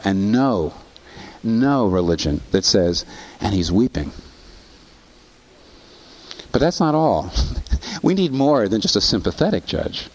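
A man preaching a sermon, asking rhetorical questions and rising in pitch on emphasis. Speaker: pastor.

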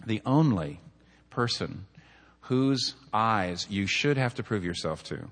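A man's voice: on the low side, lively intonation, slow pace, long pauses, a bit bright. A middle-aged man, a pastor, preaching a sermon with earnest storytelling and numbered points. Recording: long hall reverb.

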